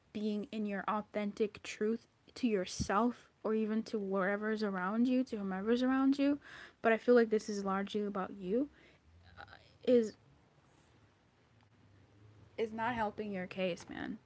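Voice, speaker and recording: A woman's voice: mid-range voice, no echo. A woman giving an intuitive tarot card reading, blunt and profane, scolding the listener with exasperation. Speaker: tarot reader.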